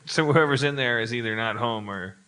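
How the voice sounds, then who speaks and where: A slightly drunk man playing a tabletop game on stage, talking in halting, rambling, apologetic bursts. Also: medium pitch, bright, forceful tone, smooth. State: a little drunk. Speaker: player. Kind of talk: live tabletop game play. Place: live stage before an audience. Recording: live show with background noise.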